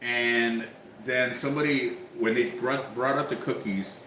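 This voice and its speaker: A man telling a story in casual chat, animated, acting out the back-and-forth. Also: mid-range voice, unhurried, slight background noise. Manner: animated storyteller, acts out exchanges. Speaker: YouTuber guest. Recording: echoey room, faint ambience.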